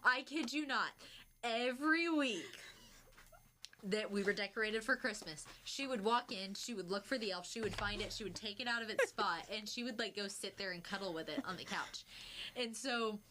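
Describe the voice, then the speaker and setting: An animated young woman chats casually and tells a story, jumping her voice up high when she acts out what people said. Her voice sits at an everyday pitch, and a faint hiss runs under the recording. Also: moderate pace.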